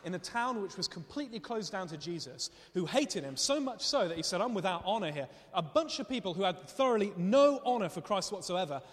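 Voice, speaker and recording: Male preacher, impassioned sermon, fairly high voice, long hall reverb. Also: very animated, fairly quick, hardly any pauses. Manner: impassioned, conversational storytelling.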